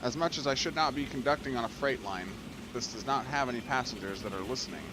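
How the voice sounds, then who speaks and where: A man hosting a let's play video, giving excitable gameplay commentary, gushing and laughing often. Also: mid-range voice, quick pace, background noise.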